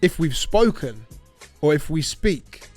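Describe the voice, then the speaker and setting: High-voiced man in animated podcast banter. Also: slow pace, soft background music. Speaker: podcast co-host, DJ. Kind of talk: casual chat.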